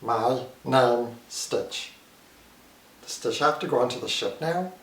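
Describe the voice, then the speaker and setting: Brief: man doing a gravelly, slow little alien. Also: medium pitch, fairly bright tone. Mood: earnest. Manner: gravelly, broken grammar, slow. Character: small alien creature, gravelly and childlike. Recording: echoey room, far from mic.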